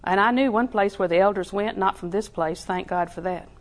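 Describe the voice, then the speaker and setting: A woman preaching a sermon in a folksy way, laughing often and repeating phrases softly. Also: mid-range voice, a little fast.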